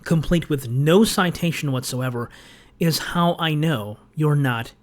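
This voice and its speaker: This video essayist, whose voice is a little high, takes a measured pace through his scripted rebuttal commentary. He sounds sarcastic and lecturing, explaining his points in a pointed way.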